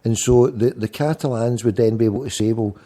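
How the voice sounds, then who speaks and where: A man's voice: mid-range voice, brisk, mellow. A man hosting a late-night talk show, chatting casually about politics and rambling, often repeating words as he thinks. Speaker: radio show host.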